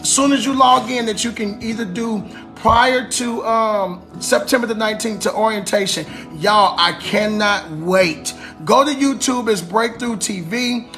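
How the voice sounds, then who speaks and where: A high-pitched man, a preacher, talking loosely to his livestream viewers. He is animated and chatty, calling them y'all and baby, with faint music playing behind him. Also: measured pace, hardly any pauses. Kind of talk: casual livestream chat. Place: live stream.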